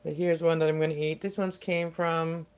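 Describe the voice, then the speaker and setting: A middle-aged woman chats loosely on her livestream, wandering from thought to thought and stopping to restart. Her voice sits a little low and comes through smooth and clear. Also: level tone, darkish tone. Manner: rambling, halting, with many fillers and restarts. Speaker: livestream host. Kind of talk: casual livestream chat.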